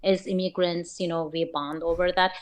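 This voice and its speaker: A woman's voice: lowish voice, little pitch movement, normal speed. Earnest woman. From Turkey. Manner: earnest, encouraging. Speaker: guest. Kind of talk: casual interview chat.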